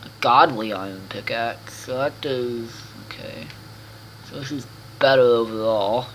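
A gaming video host plays through a casual let's-play, rambling to himself with frequent restarts and the odd swear word. His mid-range, fairly bright voice keeps a measured pace, in a low-quality recording with a little hiss or hum.

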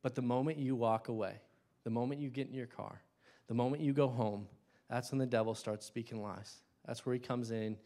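A young man preaching a sermon in a church, impassioned, swinging between loud bursts and hushed asides. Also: mid-range voice, steady tone, a little fast. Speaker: lay preacher.

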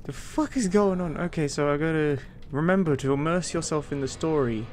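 A man giving casual let's-play commentary, swearing a lot, excitable, and talking to himself as he plays. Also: on the high side, brisk, a little hiss or hum. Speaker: gameplay streamer.

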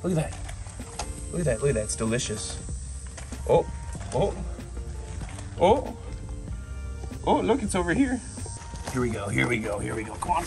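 A young man from the United States hosts a wildlife vlog in a high, excitable voice, with loud music behind him. He chats and explains between attempts, then breaks into yelps and shouts when the action starts. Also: normal speed, long pauses. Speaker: wildlife vlogger. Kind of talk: excited animal vlog commentary.

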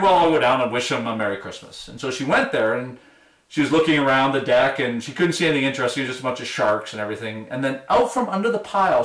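Male professor, animated storyteller, recorded in an echoey room at some distance from the mic. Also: medium pitch. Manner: enthusiastic storyteller, acts out quoted voices. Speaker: university biology professor. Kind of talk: recorded online lecture.

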